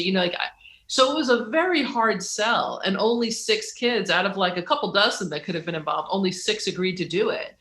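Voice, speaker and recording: A woman's voice: medium pitch, animated, fairly quick, fairly bright tone. A middle-aged woman, an author talking as an interview guest, who acts out quoted dialogue with sudden leaps in voice and laughs as she tells stories. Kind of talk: animated interview conversation. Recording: roomy echo.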